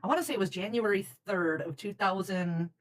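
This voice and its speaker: A woman's voice: medium pitch, brisk, low-quality recording. A woman co-hosting a casual talk show, frank and chatty, calling people dude. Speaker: podcast co-host. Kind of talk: casual chat.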